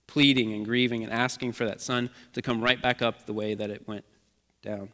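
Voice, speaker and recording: A male pastor preaches earnestly and deliberately at a medium pitch, returning to key phrases to stress them in a repetitive preaching rhythm. His tone is fairly bright with little pitch variation, and a long reverb trails each word as if he's in a church sanctuary.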